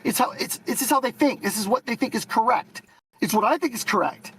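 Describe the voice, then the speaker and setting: Brief: high-pitched man, fast talker, combative profane debater who rambles and restarts. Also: expressive, a bit bright, slight background noise, rough recording. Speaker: debate guest. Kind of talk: heated online debate. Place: Canada.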